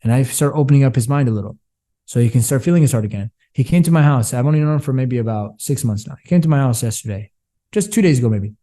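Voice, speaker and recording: A man's voice: medium pitch, expressive, quick pace, warm tone. A man, a business coach, talking passionately in an interview and telling stories in which he quotes himself and others. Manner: passionate, preachy storytelling. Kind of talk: candid interview talk.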